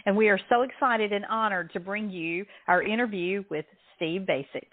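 A woman's voice: mid-range voice, normal speed, no echo. Bubbly Southern woman co-hosting on a phone line. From Southern United States. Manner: bubbly, laughing, talks in restarts. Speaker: radio co-host. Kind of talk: casual radio chat. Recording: tinny dry phone line.

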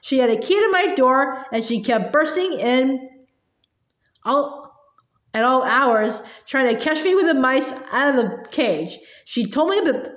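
A woman reads a children's novel aloud in a high voice. She stumbles and restarts often, repeating words. The recording has a roomy echo. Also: a bit bright. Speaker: storybook reader.

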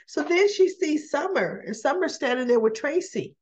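A woman hosting a casual soap opera recap, chatty and quick to act out the characters' lines with little laughs. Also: sits high, dull audio. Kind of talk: casual chat.

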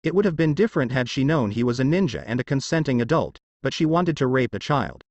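A man narrating a fanfiction story with expressive storytelling. His pitch moves in animated swings. The sound is dry and close to the mic. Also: fast, no room sound, lo-fi sound.

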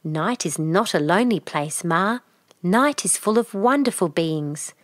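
A woman's voice: on the low side, lively intonation, measured pace, no room sound, clean studio sound. A woman voicing a sleepless, curious little male wild dog pup in a storybook who asks eager, friendly questions. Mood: sleepy, content.

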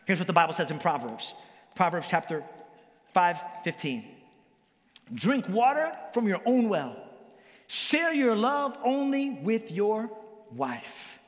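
A male pastor preaching a sermon in a lively, joking way, with big swings in pitch. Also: slow, pauses often. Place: church hall. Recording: long church hall reverb.

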